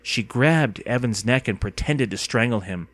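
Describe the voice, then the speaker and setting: A man narrating an audiobook with expressive storytelling. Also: mid-range voice, normal speed.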